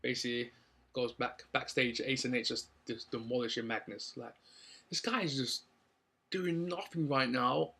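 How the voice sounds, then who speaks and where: A man's voice: medium pitch, normal speed, gravelly, bright, forceful tone, husky. Young london guy chatting through a wrestling recap, upbeat, loads of ums. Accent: London English. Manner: rambling, upbeat, many ums and likes. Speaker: wrestling show reviewer. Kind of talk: casual spoken recap.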